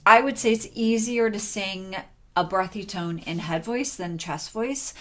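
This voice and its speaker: A woman's voice: mid-range voice, unhurried, faint music behind. Chatty woman teaching singing, casual. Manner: relaxed, chatty, with many "um" and "like". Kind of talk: casual vocal lesson with sung demonstrations.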